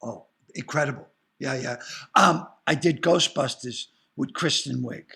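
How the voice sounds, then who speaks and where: A man's voice: medium pitch, unhurried, creaky, pushed and bright. An older man with a Boston accent, an actor and comedian telling profane, rambling stories with lots of restarts in an interview. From Boston area. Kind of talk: animated storytelling in an interview.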